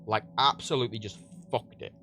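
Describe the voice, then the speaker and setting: A man's voice: medium pitch, a little fast, sharp tone, soft background music. A man from Ireland, hosting a livestream, chatting casually and rambling with repeated words and fillers while he packs prints at home. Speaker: livestream host. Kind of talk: casual chat while packing orders. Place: home workspace, packaging prints.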